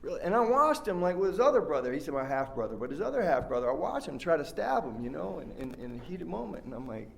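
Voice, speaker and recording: A man's voice: a little high, big pitch swings, fast talker, creaky, few pauses. A man giving a rambling, heartfelt personal share as a speaker at a recovery workshop, full of fillers and restarts. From West Virginia.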